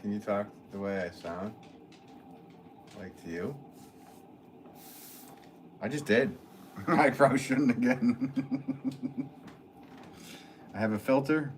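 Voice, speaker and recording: Brief: man with a lowish voice, a potter joking around with his live chat from the studio. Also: takes it slowly, long pauses, slight background noise. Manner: playful, joking, answers chat. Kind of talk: casual livestream chat.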